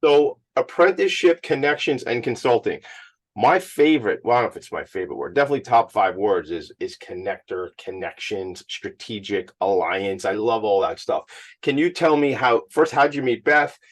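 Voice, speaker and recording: A man's voice: on the low side, lively intonation, normal speed. A man hosting an interview, enthusiastic and effusive, getting emotional at times. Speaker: podcast host. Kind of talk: lively interview chat. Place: at a school event.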